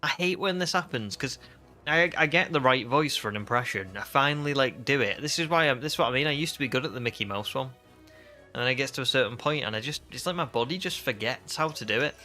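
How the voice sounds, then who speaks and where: Guy streaming a game, bright tense voice, mid pitch, chatty and self-mocking. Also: expressive, fast talker, faint music behind. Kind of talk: casual live-stream chat.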